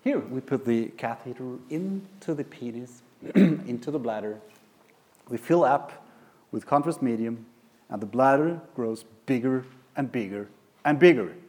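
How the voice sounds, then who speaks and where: A man who is a pediatric radiologist, giving a lecture with anecdotes in a halting way with many restarts. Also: mid-range voice, lively intonation, a little mellow. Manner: halting, many fillers and restarts, chuckling asides.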